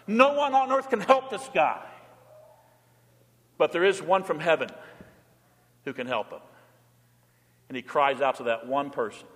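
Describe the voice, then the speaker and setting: In a reverberant church, a pastor preaches in an unhurried way with long pauses, his voice high and light. He moves between straightforward teaching and short dramatized pleas spoken in a quoted voice, keeping an earnest, even tone the whole time.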